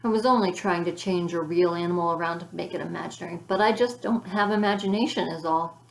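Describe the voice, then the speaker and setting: A woman's voice: fairly low pitch, fast, gravelly. Woman doing an earnest, bossy older sister. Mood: mournful. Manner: earnest, scolding. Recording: roomy echo.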